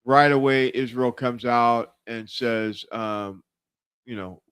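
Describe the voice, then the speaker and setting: Slow and smooth, the man speaks at medium pitch with a steady, fairly bright tone. He is hosting a casual political livestream and rambles, full of fillers and false starts.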